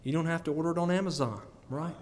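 Animated preacher in a reverberant church. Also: male voice, on the high side, fast, a little hiss or hum. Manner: animated, laughing often, rising to emphatic peaks. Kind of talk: sermon. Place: church sanctuary.

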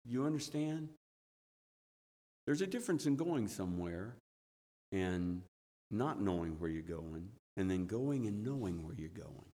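A middle-aged man preaching a sermon, telling personal stories earnestly and building with excitement. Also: lowish voice, unhurried. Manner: earnest storytelling, swelling with excitement. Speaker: church elder preaching. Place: church sanctuary. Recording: long church hall reverb.

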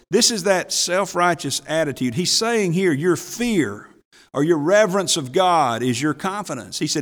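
A man preaching a sermon as pastor, folksy and chuckling, swinging between hushed asides and raised emphasis. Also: high voice, animated, a little slow. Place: church sanctuary. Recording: long hall reverb from church.

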